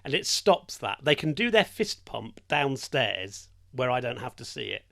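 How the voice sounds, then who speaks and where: A man's voice: medium pitch, big pitch swings, normal speed, gravelly, bright, forceful tone. An older man, a hospital radio presenter telling a story in casual chat and laughing often. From England. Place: radio studio.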